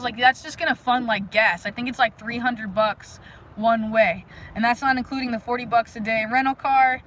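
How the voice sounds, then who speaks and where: A woman hosting a casual live stream outdoors, talking energetically and rambling to her viewers with lots of fillers and sudden loud bursts. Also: fairly high pitch, steady tone, a little fast, slight background noise, poor audio. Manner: frequent "like" fillers. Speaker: livestream host. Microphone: phone live stream.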